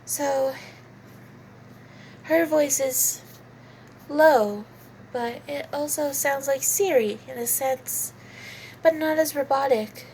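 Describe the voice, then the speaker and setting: Woman, casual, chatty, self-deprecating, slow unhurried pace. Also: high-pitched, a little mellow, slight background noise. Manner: chatty, self-deprecating about her impressions. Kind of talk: casual explanation of character voices.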